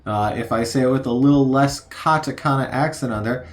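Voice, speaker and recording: A man in his thirties casually narrating a learning game, halting with many fillers as he sounds out vocabulary. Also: mid-range voice. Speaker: streamer learning Japanese.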